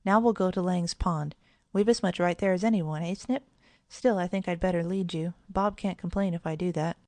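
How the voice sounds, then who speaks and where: A woman reading aloud and voicing a calm, kindly boy who reassures his friends, in a storybook. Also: on the low side, normal speed, no echo, natural voice. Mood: cheerful.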